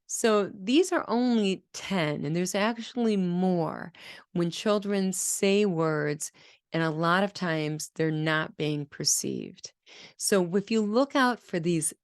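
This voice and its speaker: A woman's voice: fairly low pitch, slow, dry recording, studio quality. A woman speech-language pathologist teaching on a podcast, talking earnestly and sounding out children's babble as examples. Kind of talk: educational podcast talk.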